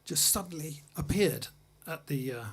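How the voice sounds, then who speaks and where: A man's voice: a little high, animated, normal speed, creaky, husky. A man from England hosting a music livestream, chatting casually between songs in a studio with self-deprecating, anecdotal humor. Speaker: host and jazz pianist-singer.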